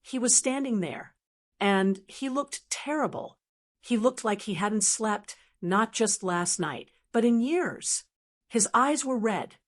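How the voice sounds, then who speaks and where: An older woman narrating a family story in a calm, measured voice. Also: fairly high pitch.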